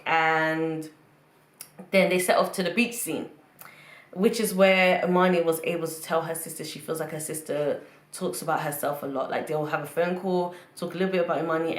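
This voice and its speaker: A woman's voice: sits low, roomy sound. A woman giving casual, opinionated commentary on a reality show, often repeating phrases for emphasis. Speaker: reality TV reviewer.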